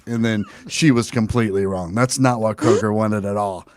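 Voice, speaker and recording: A man's voice: fairly low pitch, a little fast, hardly any pauses, no room sound. A man who hosts a casual comedy chat, telling stories and acting out the people in them. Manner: animated storyteller, acting out quotes. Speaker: comedian host. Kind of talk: casual chat on a video call.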